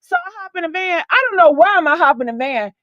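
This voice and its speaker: High-voiced woman dishing a story, swearing. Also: quick pace, no echo, highs cut off. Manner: animated, chatty, profane, keeps calling the listener "girl". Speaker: host. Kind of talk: casual storytelling on a live stream.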